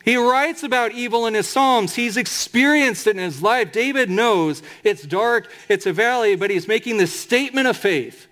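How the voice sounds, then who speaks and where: A man preaching a sermon as pastor, emphatic, slowing right down to draw out scripture quotes. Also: very high voice, fairly bright tone.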